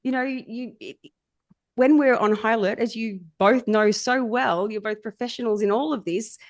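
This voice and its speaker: A woman's voice: fairly high pitch, moderate pace, no room sound, clean studio sound. A woman, a somatic coach guesting on a podcast, telling stories animatedly and laughing often. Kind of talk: storytelling in casual chat.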